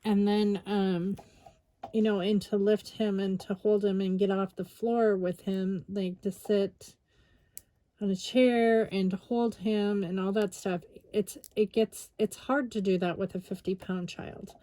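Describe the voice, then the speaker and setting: A woman's voice: medium pitch, steady tone, unhurried, mellow. An exhausted woman chatting casually while she crafts, rambling with lots of fillers. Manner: rambling, tired, many fillers. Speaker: scrapbooking vlogger.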